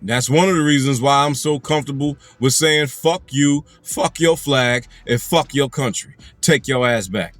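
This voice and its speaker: A man's voice: mid-range voice, moderate pace, few pauses, no room sound, soft background music. A man delivering an angry, profane commentary rant, hammering his points with repetition. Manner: angry, emphatic, heavy profanity, repeats phrases for emphasis. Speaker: commentary channel host.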